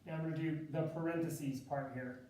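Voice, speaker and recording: A man's voice: fairly high pitch, fairly even intonation, brisk, dark tone, slight background noise. A man teaching a math class, working through loan calculations aloud step by step in a casual way. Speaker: math instructor. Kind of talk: classroom lecture. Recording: echoey classroom from far off.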